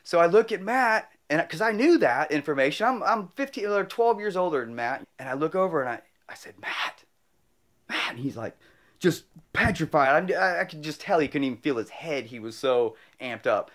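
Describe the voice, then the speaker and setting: Earnest rambling man, slightly high voice. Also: lively intonation, brisk, a bit bright. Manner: rambling, earnest, with many restarts and fillers; emotional, choking up. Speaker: motorcycle travel vlogger. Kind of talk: heartfelt personal storytelling.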